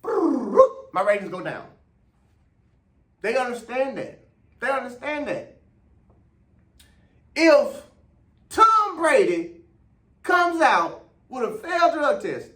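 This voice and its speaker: A man's voice: very high-pitched, very animated, slow, long pauses, fairly bright tone. A man hosting his own video show, ranting passionately to camera as a runner, repeating his points and stretching out words for emphasis. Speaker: vlog host and runner. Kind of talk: heated opinion rant to camera.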